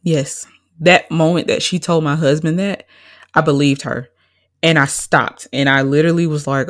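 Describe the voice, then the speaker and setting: A woman's voice: deep voice, fairly even intonation, normal speed. Candid woman telling her story. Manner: candid and emotional. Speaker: guest. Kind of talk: personal storytelling in an interview.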